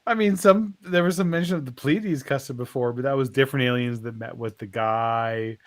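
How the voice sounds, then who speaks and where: A man's voice: mid-range voice, a little fast. A man co-hosting a podcast in casual chat, blunt and profane. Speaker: podcast co-host.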